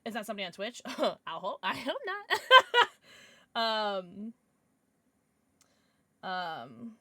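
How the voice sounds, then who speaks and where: A woman livestreamer talking off the cuff to her chat in a bright, forceful voice. She rambles, restarts her sentences and swears freely. The sound is dry and close, with little room echo. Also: mid-range voice, very animated, slow. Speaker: streamer.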